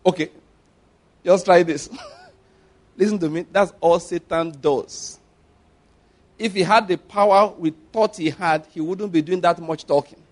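A man's voice: high voice, moderate pace. A man preaching a sermon, telling stories and acting out the scenes. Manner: animated storytelling, acts out scenes.

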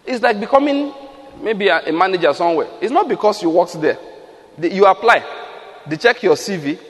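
A man's voice: high voice, expressive, fairly quick, fairly bright tone, long reverb tail. A man preaching a sermon, emphatic, asking the listeners rhetorical questions and acting out quotes.

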